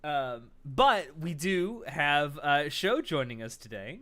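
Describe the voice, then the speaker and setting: Man host, bright and chatty, casual stream intro with lots of fillers. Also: a little high, big pitch swings, slow. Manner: upbeat, chatty, frequent fillers.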